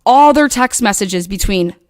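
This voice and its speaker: A woman casually recounting online drama in a rambling, profane way, acting out quoted lines in animated bursts. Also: mid-range voice, a little slow, no room sound, studio quality. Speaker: online commentator.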